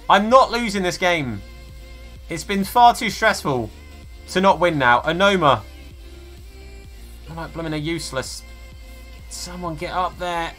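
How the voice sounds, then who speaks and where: A young man streaming a football game live, shouting at the match and chatting casually with his viewers. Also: on the high side, lively intonation, a little slow, pauses often, soft background music. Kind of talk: live gameplay commentary.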